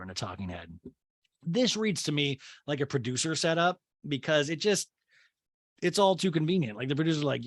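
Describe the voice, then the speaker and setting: A man hosting a casual comedic recap, chatty and sarcastic with quick asides. His slightly high voice swoops up and down as he talks. The sound is dry and close, with no room echo. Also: expressive. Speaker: podcast host recapping a reality show.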